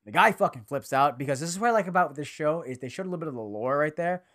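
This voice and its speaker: Animated, profane young man reviewing anime. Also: fairly high pitch. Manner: animated, profane, acts out characters' lines in quick bursts. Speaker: podcast co-host. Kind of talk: casual anime review chat.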